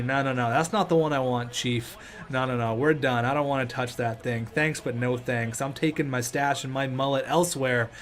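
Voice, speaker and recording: A young man commentating his own video game match, joking and shouting when play gets tense. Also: fairly high pitch. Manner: excitable, jokey, shouts at big plays. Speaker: gaming YouTuber.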